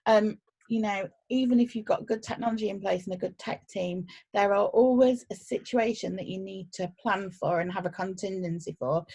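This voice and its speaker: A woman's voice: medium pitch, vocal fry, darkish tone, breathy edge. A woman from an events agency, hosting a businesslike, friendly chat on a video call.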